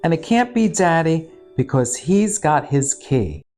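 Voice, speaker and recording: A man's voice: fairly high pitch, big pitch swings, unhurried, a little mellow, soft background music. A man doing a prim fretting storybook mother. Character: fretting 1960s housewife mother.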